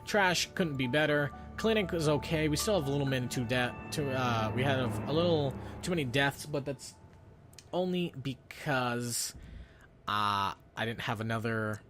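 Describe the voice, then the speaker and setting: A man's voice: medium pitch, moderate pace, a bit bright. Rambling young man commentating gameplay. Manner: rambling, self-narrating with quoted inner thoughts. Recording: background game music.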